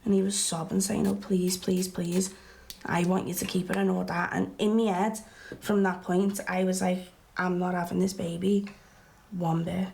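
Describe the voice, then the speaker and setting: A woman's voice: fairly low pitch, flat delivery, normal speed, gravelly, a little mellow, slight background noise. An actress playing a blunt, strong-willed young woman who tells her story in chatty, colloquial speech for a verbatim theatre film. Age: young adult. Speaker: interviewee recalling her past.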